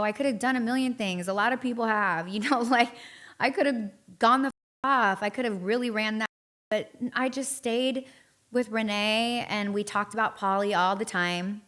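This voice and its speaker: A woman's voice: on the high side, fairly bright tone. Candid female podcast guest, blunt and salty, tells stories by acting out old conversations. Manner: frank and profane, reenacting past conversations. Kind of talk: candid interview storytelling.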